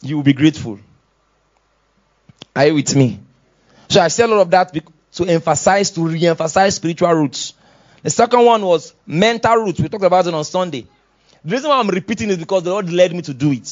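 A Nigerian man preaching a sermon as pastor, moving from quiet asides to loud shouted exhortations. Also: on the high side, lively intonation, brisk, muffled recording. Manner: swings from soft asides to loud shouted exhortations, laughs often.

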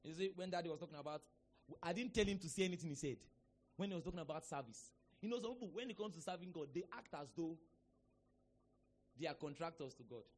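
A middle-aged man with a Nigerian accent, preaching a sermon with sudden shouted bursts and call-and-response with the congregation. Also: a little high, animated, fast, a little hiss or hum. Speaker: pastor.

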